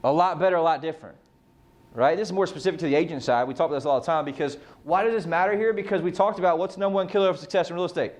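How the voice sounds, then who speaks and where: Fairly high-voiced man coaching a team. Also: very fast. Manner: casual, fires rhetorical questions, swears freely. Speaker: real estate team coach. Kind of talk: motivational team meeting talk.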